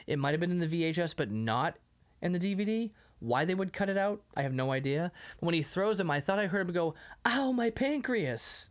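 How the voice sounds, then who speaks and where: A man chats through an old comedy film on his podcast, his pitch rising and dipping a lot as he talks. He keeps slipping into goofy voices for the characters' lines. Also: clear, resonant tone. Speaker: podcast co-host. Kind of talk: casual movie-recap chat.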